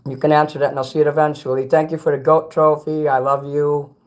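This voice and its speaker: A man from Chicago chats on a livestream in a slightly high voice, talking fast with little pitch movement. He reads chat messages aloud and eats snacks between rambling, blunt remarks, swearing freely now and then.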